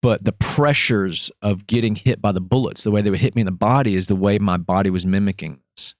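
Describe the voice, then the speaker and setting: A man hosting a podcast, telling a story in a casual, animated way, acting out voices and swearing freely. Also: on the low side, a little fast, no room sound, studio quality. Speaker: podcast host.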